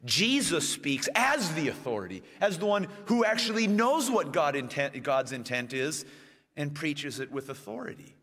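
A man delivering a sermon, pausing on slowed, stressed phrases and climbing into emphatic bursts. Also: a little high, very animated, fairly bright tone. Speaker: preacher. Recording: long reverb of a church hall.

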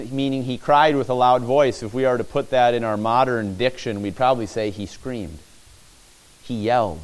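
A male preacher delivering a sermon in a mid-range voice, painting the scene vividly and pulling listeners into the story. He leans on repetition for emphasis and keeps urging the congregation to put themselves there. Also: mid-range voice. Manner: repeats phrases for emphasis.

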